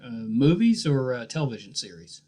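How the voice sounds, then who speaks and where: A man with a West Virginia accent hosting a podcast interview, easygoing and joking, often trailing off softly at the ends of phrases. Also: mid-range voice, big pitch swings, normal speed. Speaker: podcast host. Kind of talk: casual interview.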